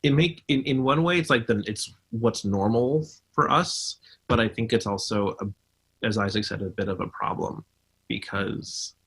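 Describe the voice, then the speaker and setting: A man's voice: medium pitch, unhurried, a bit bright, husky. A man who is a guest on a podcast, explaining his views earnestly in casual conversation, with frequent restarts.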